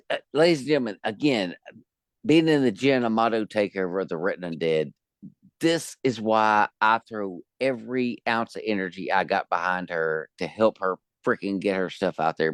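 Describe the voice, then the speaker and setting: A man's voice: fairly low pitch, normal speed, dry recording. A man hosting an interview podcast, joking and swearing casually. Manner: animated, joking, swearing freely. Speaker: podcast host.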